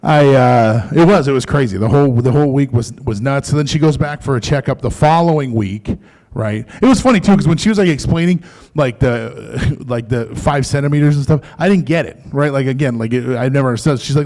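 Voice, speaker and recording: A man's voice: medium pitch, expressive, fast talker, a little mellow. A man doing a stand-up comedy set in a comedy club, talking in a loose, profane, conversational way. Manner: profane, conversational, mocking quoted voices.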